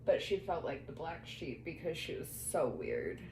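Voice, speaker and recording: A woman's voice: low-pitched, wildly swooping pitch, moderate pace, darkish tone. A woman working as a medium who relays what a spirit tells her during a reading, quoting the spirit and breaking into laughter now and then. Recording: echoey room, faint background noise.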